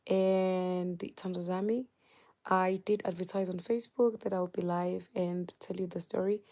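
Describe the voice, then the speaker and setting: South african lady w zulu accent chatting live on her phone, lowish voice, animated, keeps mixing in zulu. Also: a little slow. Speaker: live stream host. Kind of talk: casual live chat.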